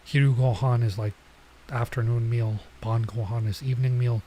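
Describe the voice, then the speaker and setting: A man on a casual live stream reading a manga and translating it, halting and explaining as he goes. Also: mid-range voice, steady tone, warm tone, slight background noise, poor audio.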